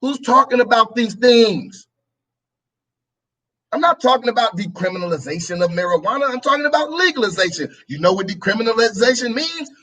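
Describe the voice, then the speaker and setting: A man's voice: very high voice, expressive, a little fast, bright, forceful tone, poor audio. A male talk show host delivering a preachy political commentary monologue, repeating his phrases and acting out both sides of an argument.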